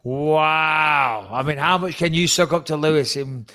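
Animated, teasing podcast host man. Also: on the high side, a little fast. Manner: animated, teasing, talks with emphatic repetition. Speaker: podcast co-host and fight pundit. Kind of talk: casual podcast chat.

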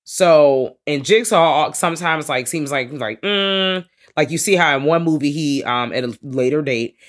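A man co-hosting a podcast, recapping horror films in casual, animated chat full of slang and swearing. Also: mid-range voice. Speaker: podcast co-host.

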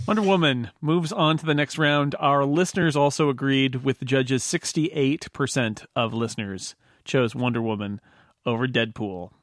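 A man hosting a comedic podcast panel, announcing results in a brisk, wry manner. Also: mid-range voice, fairly even intonation, no echo, studio quality. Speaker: podcast host running a mock tournament. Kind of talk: casual comedic panel chat.

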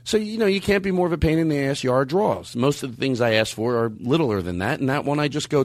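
A man hosting a podcast in casual chat, rambling and animated, jumping his voice up high when he quotes people. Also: quick pace, hardly any pauses, no echo. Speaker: podcast host. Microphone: studio mic.

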